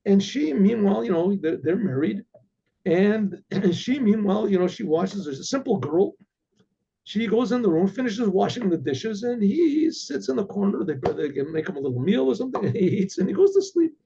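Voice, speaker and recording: A man's voice: high-pitched, big pitch swings, moderate pace, creaky, warm tone. A male rabbi telling a story in a conversational way, often repeating words as he goes. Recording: dull lo-fi recording.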